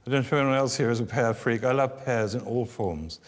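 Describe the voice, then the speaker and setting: A man's voice: medium pitch, fast talker. Older UK man, author, wry self-deprecating storyteller, reverberant church hall. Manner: wry, self-deprecating, building to animated exasperation. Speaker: author and guest speaker. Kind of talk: humorous storytelling talk. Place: church venue before an audience.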